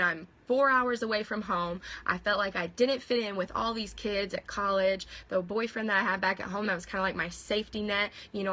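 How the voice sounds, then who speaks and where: Young woman, bright clear tone, earnest testimony on a phone stream. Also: medium pitch. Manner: earnest, conversational, with frequent fillers and restarts. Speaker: speaker giving a personal testimony. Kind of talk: personal testimony. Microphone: phone livestream.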